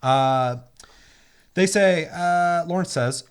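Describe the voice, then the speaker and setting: A man with a somewhat low voice chats casually about video games as a podcast co-host. He rants in an animated way, swears freely and acts out quotes. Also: fairly quick.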